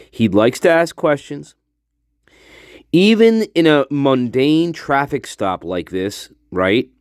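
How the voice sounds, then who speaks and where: A man giving a deliberate, analytical commentary and repeating his points for emphasis. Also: mid-range voice, no room sound, studio quality.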